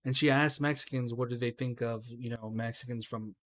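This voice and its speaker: A man's voice: medium pitch, a little fast. A man co-hosting a casual podcast, talking heatedly and asking "right?" over and over. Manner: heated, animated, swears, says "right?" and "bro". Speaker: podcast co-host. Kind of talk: casual chat.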